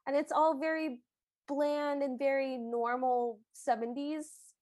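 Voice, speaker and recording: A woman's voice: sits high, steady tone, takes it slowly, darkish tone, no echo, clean studio sound. A woman co-hosting a podcast, chatting casually and joking about an episode. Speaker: podcast co-host. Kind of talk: casual chat.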